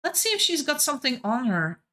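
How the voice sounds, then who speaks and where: A woman's voice: high voice, big pitch swings, brisk, pushed and bright. A woman giving live game stream commentary, chatty and playful as she thinks aloud.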